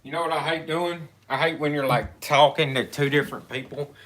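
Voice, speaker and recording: A man's voice: fairly high pitch, fairly even intonation, a little fast, a bit bright. A man chatting casually on a livestream, telling easygoing stories.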